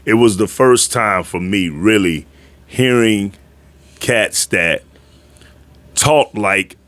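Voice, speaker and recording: Deep-voiced laid-back Southern man. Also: takes it slowly, a bit bright, no echo. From Florida. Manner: laid-back, frequent "you know what I'm saying". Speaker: guest rapper. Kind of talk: casual podcast conversation.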